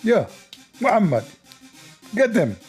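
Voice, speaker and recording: A man doing a shrill mocking cheerleader. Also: very animated, slow, a little mellow, faint music behind, exaggerated voice. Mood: mocking, gleeful. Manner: mocking, sing-song encouragement. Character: shrill man egging someone on with mock cheers.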